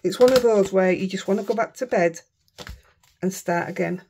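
Chatty Yorkshire craft vlogger, woman, husky and a little gravelly, mutters asides. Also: mid-range voice, moderate pace, a little mellow. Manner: chatty, self-mocking, often mutters under her breath. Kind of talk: casual chat while crafting.

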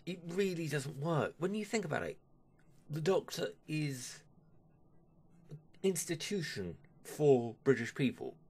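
A man talks straight to his audience in a casual opinion vlog, grumbling and dismissive. He speaks slowly, his pitch swinging widely, and keeps trailing off with a sigh. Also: big pitch swings, a little mellow, slightly rough. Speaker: vlogger.

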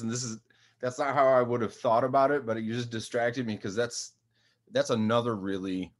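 A man hosting a casual podcast chat, thoughtful and searching for the right words. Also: fairly low pitch.

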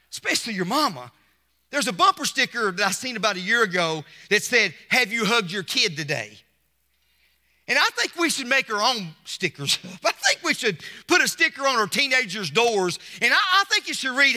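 A man preaches with emphatic repetition and rousing call-outs. His voice is high and very bright, swinging widely in pitch. The sound rings with the long reverb of a church hall. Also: sing-song, normal speed. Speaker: pastor. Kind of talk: Mother's Day sermon. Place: church sanctuary.

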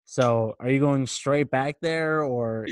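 Young male co-host, hesitant and filler-heavy, mid pitch, dry close recording. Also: takes it slowly, clean tone, no echo. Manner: hesitant, many fillers, asks questions. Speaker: podcast co-host. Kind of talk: casual chat.

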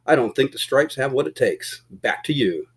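Storybook radio announcer, loud punchy broadcast style, voiced by narrator. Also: male voice, mid-range voice, expressive, moderate pace, breathy edge, voice pushed up. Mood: announcing. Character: brisk male radio traffic announcer.

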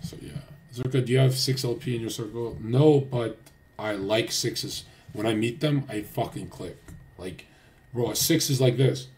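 A man's voice: lowish voice, moderate pace, darkish tone, a little hiss or hum. Crude, boastful male streamer. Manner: crude, boastful, heavy swearing; rambling, loose, trails off and restarts. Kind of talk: casual livestream rant.

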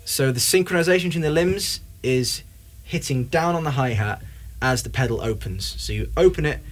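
A man's voice: mid-range voice, moderate pace. A young man giving a casual, upbeat drum lesson, talking between demonstrations at the kit. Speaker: drum teacher. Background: drum kit playing.

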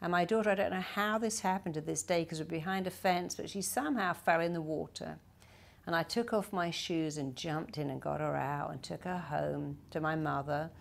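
Earnest woman telling stories, low voice. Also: creaky. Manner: earnest, storytelling, slows to stress key points. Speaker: therapist and motivational speaker. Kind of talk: motivational talk with personal stories.

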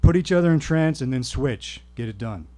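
Guy putting on a serious hypnosis teacher, low and mellow, laying down the rules. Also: animated, natural voice. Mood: commanding. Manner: grave, measured, instructive. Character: earnest male hypnosis teacher, firm and commanding.

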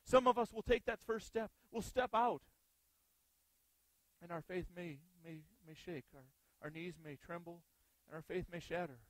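A man's voice: high-pitched, fairly even intonation, moderate pace, dry recording, rough recording. A male pastor preaching an earnest sermon, often putting rhetorical questions to the congregation.

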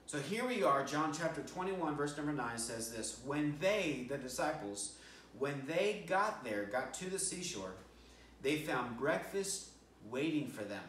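A man's voice: a little high, animated, unhurried, fairly bright tone, a little hiss or hum. A male pastor preaching a sermon, telling a story and acting out quoted lines with restarts. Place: church sanctuary. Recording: roomy church sound from a distant mic.

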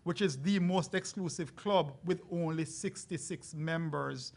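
A man speaking as a resort brand representative on a live panel, making an earnest, persuasive sales pitch. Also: a little slow, gravelly. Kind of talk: panel discussion.

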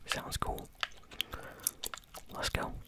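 An ASMR gaming host whispering casual, easily amused gameplay commentary while chewing bubblegum. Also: drawn-out words.

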